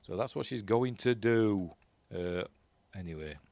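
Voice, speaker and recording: A man's voice: fairly low pitch, animated, a little slow, darkish tone, dry recording. A man with a Yorkshire accent giving a casual, rambling commentary while watching a film, often unsure of himself and chuckling at his own asides. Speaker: film reviewer.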